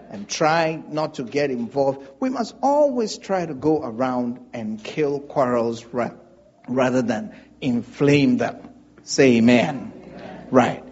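A man's voice: medium pitch, a little mellow, lo-fi sound. A male pastor preaching a sermon, drawing call-and-response from the congregation.

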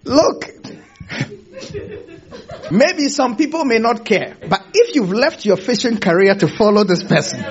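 Male pastor, sermon, high lively voice, chuckles often, asks the congregation questions, dull lo-fi sound. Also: measured pace, pauses often. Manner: animated, laughs often, rhetorical questions to the congregation. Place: theater used for a church service.

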